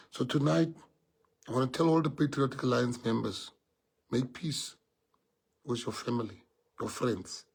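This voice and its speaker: A man's voice: medium pitch, measured pace, vocal fry, pauses often, slightly rough. A man with a South African accent, a party leader giving a heartfelt speech to his members, earnest and repeating key phrases for emphasis.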